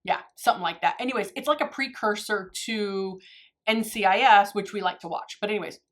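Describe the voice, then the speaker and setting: A married adult woman, a beauty YouTuber, chats casually with viewers while doing her makeup in a tutorial. She rambles, pokes fun at herself, and laughs often, speaking fairly quickly in a mid-range, fairly bright voice.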